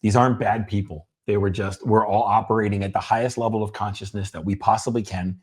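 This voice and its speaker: A middle-aged man co-hosting a talk, telling his childhood story in a halting way with many restarts, at times emotional. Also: on the low side, steady tone, a little mellow, husky. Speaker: podcast co-host. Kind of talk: personal storytelling conversation.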